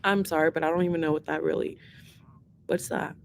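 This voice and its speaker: A woman's voice: low-pitched, fairly even intonation, brisk, vocal fry, a little hiss or hum. Woman, livestream host, teary and emotional, rambling, earnest, swears a lot. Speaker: livestream host taking song requests. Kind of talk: casual livestream chat.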